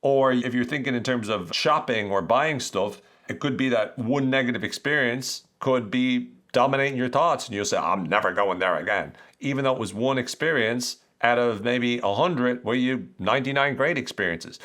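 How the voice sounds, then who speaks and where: A man hosting an educational podcast, explaining ideas in a conversational, animated way with rhetorical questions. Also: medium pitch, moderate pace, hardly any pauses. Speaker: podcast host.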